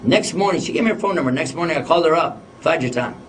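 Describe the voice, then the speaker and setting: A man's voice: fairly high pitch, lively intonation, fast. A man telling a personal story in a casual way, often laughing as he talks. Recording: distant microphone.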